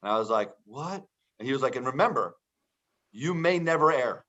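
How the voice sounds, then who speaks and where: A man's voice: mid-range voice, lively intonation, fairly quick, sharp tone. A man telling a casual story in conversation, acting out the lines of the people in it. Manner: chatty storytelling with quoted dialogue. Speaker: entrepreneur guest. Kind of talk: casual anecdote. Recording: dull lo-fi sound.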